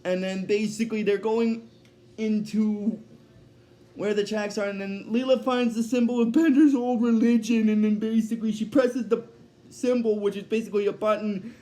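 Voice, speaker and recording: High-voiced man recapping haltingly. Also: fairly even intonation, warm tone. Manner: halting, filler-heavy retelling. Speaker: episode recapper. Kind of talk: casual episode recap.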